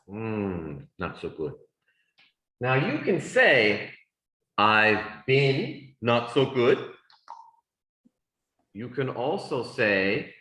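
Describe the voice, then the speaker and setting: A man teaching an English class, speaking slowly and deliberately for students. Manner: slow, deliberate speech with lively pitch swings. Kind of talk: classroom lesson. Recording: echoey classroom sound.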